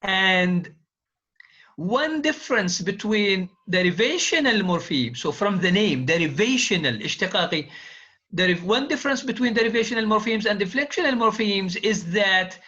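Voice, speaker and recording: A man's voice: high voice, lively intonation, normal speed, pushed and bright. A man lecturing on linguistics, repeating key phrases and quizzing his students. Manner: repetitive, drills students with quiz questions. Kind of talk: classroom lecture. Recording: dull lo-fi classroom recording.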